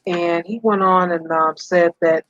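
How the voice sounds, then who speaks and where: Low-voiced woman on a dull line. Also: steady tone, unhurried, fairly bright tone. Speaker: co-host. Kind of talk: casual storytelling chat. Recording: dull lo-fi sound.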